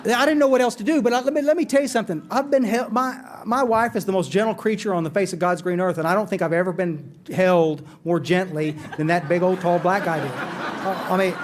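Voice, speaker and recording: A man telling his recovery story to a meeting, earnest and animated, often repeating words as he goes. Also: high voice, fairly quick, slight background noise.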